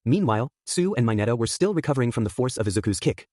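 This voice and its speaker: A man reading a fan story aloud at a quick clip, with his voice rising and falling. The sound is dry and close, and his pitch sits in an ordinary male middle. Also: animated, darkish tone, no echo. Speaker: fan fiction reader. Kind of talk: storybook narration.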